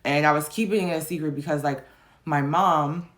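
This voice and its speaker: A young adult woman talks straight to her viewers in a personal vlog, her voice sitting a little low. She rambles and restarts, full of "like" and "um", and she is tearful and emotional as she goes. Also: moderate pace, a bit bright. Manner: rambling, many fillers and restarts. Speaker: vlogger.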